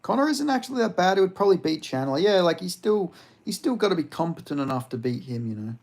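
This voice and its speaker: A man's voice: high voice, sing-song, quick pace, vocal fry, a little mellow. A man casually chatting on a live stream, rambling and swearing while he answers chat questions. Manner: rambling, profane, reads chat aloud.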